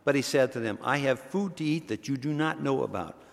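Man reading the bible passage slow and careful, echoey church hall. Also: mid-range voice, gravelly. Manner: measured, slow emphatic reading. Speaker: scripture reader. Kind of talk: reading scripture aloud.

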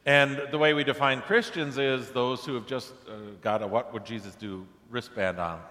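A man's voice: medium pitch, fairly even intonation, normal speed, bright, forceful tone, in a large hall. A man preaching a sermon in a conversational way, pushing his voice up for emphatic questions. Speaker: pastor.

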